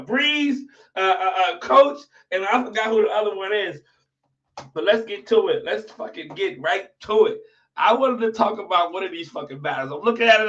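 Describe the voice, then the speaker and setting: Man, livestream host, higher voice, slangy, cursing, mumbles then shouts, off-mic, muffled. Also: lively intonation, normal speed, recorded from a distance. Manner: profane, slangy, swings between mumbling and shouting. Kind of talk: casual livestream chat.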